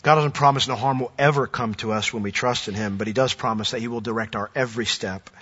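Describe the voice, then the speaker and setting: Male pastor, bright ringing voice, earnest sermon delivery, dull lo-fi sound. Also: mid-range voice, fairly even intonation, fast, slightly rough. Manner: earnest preaching, rising to emphatic declarations.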